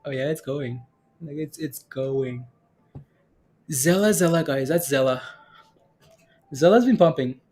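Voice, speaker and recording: A man's voice: a little high, measured pace, long pauses, darkish tone, breathy edge. Chill guy talking stocks on a livestream, keeps going "right?", faint music behind. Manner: laid-back, laughs a lot, asks for confirmation with "right?". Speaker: stock market livestream host. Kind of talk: casual live market chat.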